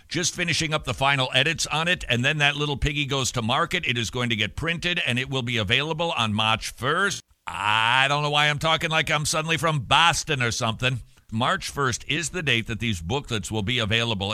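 A man hosting a radio talk show, talking with energy and animation and dropping quick joking asides. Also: mid-range voice, sharp tone, no echo, clean studio sound.

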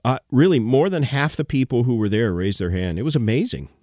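A man with a stuffy, hoarse voice from bronchitis, chatting on a radio show in a halting way with many fillers. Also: medium pitch, expressive, mellow, no echo, clean studio sound. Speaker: radio show regular guest. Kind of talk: casual radio chat.

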